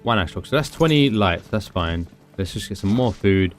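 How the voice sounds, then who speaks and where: A man's voice: on the low side, lively intonation, normal speed, faint music behind. A British man giving chatty, rambling commentary on his game stream, with self-mocking asides. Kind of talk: casual gameplay commentary.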